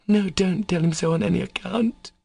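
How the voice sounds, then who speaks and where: A man putting on a defiant young woman with a raised, husky voice that climbs high and trembles as she stammers through her refusals. An audiobook reading with a gravelly edge under her voice, recorded close and dry. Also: lively intonation, normal speed, a little mellow, no echo, exaggerated voice. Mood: anguished. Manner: faltering, stammering. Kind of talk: audiobook character voice.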